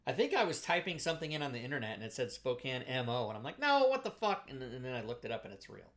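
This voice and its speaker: A man's voice: medium pitch, very fast. A middle-aged American man hosting a casual livestream talk show, swearing and laughing often as he chats. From United States. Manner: profane, laughing, excitable.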